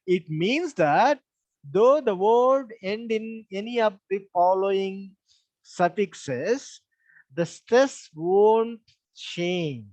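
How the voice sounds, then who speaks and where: A man's voice: sits high, takes it slowly, darkish tone, no room sound. A man with an Indian English accent teaching an online English class, patiently repeating points and spelling words out letter by letter. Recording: dull lo-fi sound.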